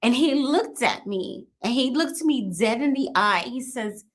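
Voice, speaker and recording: A woman in her fifties tells a painful personal story in an interview. Her voice sits a little high. She talks haltingly, restarts her sentences and keeps adding small tags. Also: animated. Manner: halting, restarts and repeats "you know what I mean". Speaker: interview guest. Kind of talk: emotional personal account.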